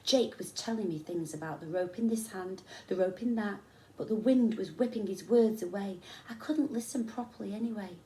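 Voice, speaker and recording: A woman teacher reading a children's story aloud with expressive, dramatic storytelling. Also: mid-range voice, normal speed, recorded from a distance. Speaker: primary school teacher. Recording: echoey room.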